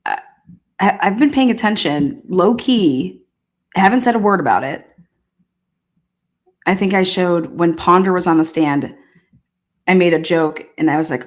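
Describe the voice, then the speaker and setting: A woman with a fairly low voice, hosting a casual live stream. She talks to her viewers in a chatty, sassy and blunt way, swearing freely as she goes. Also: measured pace, long pauses. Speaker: livestream host.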